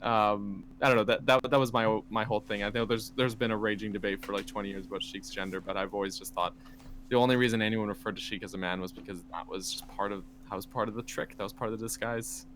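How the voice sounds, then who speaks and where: Male co-host, low voice, loose rambling delivery with frequent laughs. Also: steady tone, fast talker, fairly bright tone, a little hiss or hum. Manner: rambling, laughs often, many fillers. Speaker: podcast co-host. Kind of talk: casual podcast chat.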